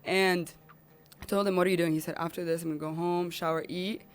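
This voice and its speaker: A woman's voice: fairly low pitch, little pitch movement, quick pace. A woman guest on a podcast telling a personal story in an emotional, rambling way.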